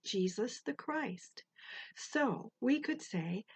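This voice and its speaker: An older woman teaching a Bible verse to children, slow and deliberate, pausing so they can repeat after her. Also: a little high, lively intonation, creaky, slightly rough. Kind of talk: slow, gentle children's lesson.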